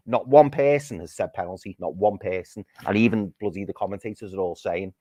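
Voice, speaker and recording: A man's voice: sits low, brisk, hardly any pauses, mellow, dry recording. A man ranting furiously after a football match on a livestream from his living room, swearing and repeating himself for emphasis. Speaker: football podcast co-host. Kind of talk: heated post-match fan chat on a livestream.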